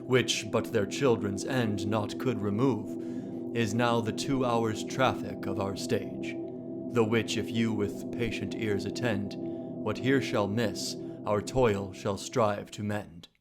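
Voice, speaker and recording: A man with a fairly low voice gives a dramatic verse recitation. He speaks very slowly and measures each phrase with stately care. Loud instrumental music plays beneath him. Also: fairly even intonation. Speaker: reciting actor.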